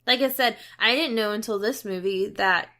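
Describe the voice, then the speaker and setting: Young female co-host, blunt and teasing, bright, crisp tone. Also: medium pitch, normal speed. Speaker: podcast co-host. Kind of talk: casual movie review chat.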